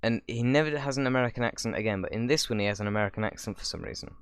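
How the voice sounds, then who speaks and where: A man's voice: mid-range voice, rapid-fire, clear, resonant tone, no echo. A young man hosting his channel, giving rambling casual reaction commentary with sarcastic asides. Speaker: YouTuber host.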